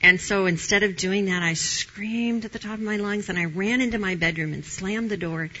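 A middle-aged woman appears as a talk show guest and openly tells her Christian testimony, full of animation and frequent laughter. She has a medium pitch and moderate pace, and her voice sounds pushed and bright on lo-fi audio.

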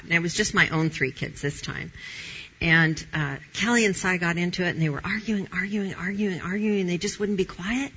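A middle-aged woman shares a candid Christian testimony, her husky voice pushed hard and tense. She tells her story in a lively way and laughs often. The recording sounds a little dull and lo-fi. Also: on the low side. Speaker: guest sharing testimony.

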